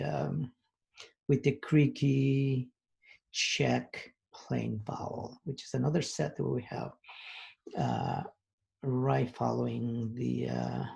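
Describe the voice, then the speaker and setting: A man's voice: medium pitch, vocal fry, dark tone, slightly rough. A man teaching a recorded language lesson, patiently explaining sounds and repeating each example word twice. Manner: patient, explains slowly with many pauses and fillers.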